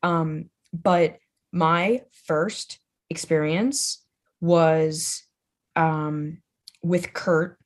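A young woman speaks as a guest on a podcast, her voice sitting a little on the low side. She talks loosely and casually, with a constant "like" and plenty of swearing. Her manner is loud, playful and bluntly honest. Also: steady tone, extremely slow. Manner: chatty, says "like" constantly, swears freely. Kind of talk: casual conversation.

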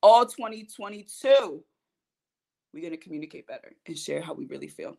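A woman in her thirties speaks to her podcast audience in a personal motivational talk. She is earnest and emphatic. Her delivery swings between quiet, soft moments and loud, forceful lines. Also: on the low side, lively intonation, moderate pace, vocal fry. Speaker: podcast host.

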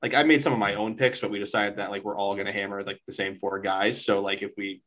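Man, podcast co-host, fairly low voice, brash, swears freely, casual banter. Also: flat delivery, fairly bright tone, rough recording. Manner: brash and profane, quick to banter. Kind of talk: casual chat.

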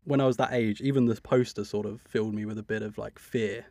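A man's voice: lowish voice, fairly even intonation, fast talker, mellow, dry recording, clean studio sound. A man co-hosting a podcast as the film superfan, chatting casually and filling his speech with "sort of". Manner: fills with 'sort of', enthusiastic about details.

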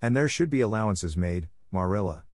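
A man voicing a shy, gentle elderly farmer in an audiobook, speaking in a hesitant, mild way. The recording is dry and close. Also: on the low side, lively intonation, a little fast, no echo, close to an everyday voice. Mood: mournful. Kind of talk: audiobook character reading.

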